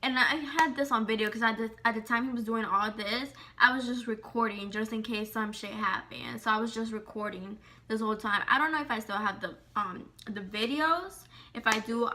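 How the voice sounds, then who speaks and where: A young woman telling a personal story in a casual vlog, animated and slangy, full of "like" and swearing. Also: on the high side, normal speed, slight background noise.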